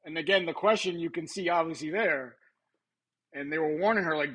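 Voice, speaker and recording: Casual male live stream host, bright voice. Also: fairly high pitch, a little fast, rough recording. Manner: casual, laughing, swearing, thinking aloud.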